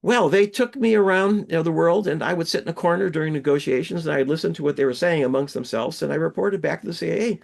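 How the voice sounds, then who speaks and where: A man's voice: a little high, quick pace, vocal fry, few pauses. A man voicing a talking male border collie who boasts of being a former spy, in a proud, chatty tone as part of a joke he tells. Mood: boastful.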